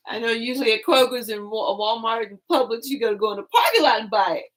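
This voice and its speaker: A woman hosting her own live stream, chatting casually and telling a long, rambling story. She laughs often, swears freely and jumps between tangents, all in a fairly high voice. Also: expressive, fairly quick, a bit bright. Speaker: tarot live-stream host.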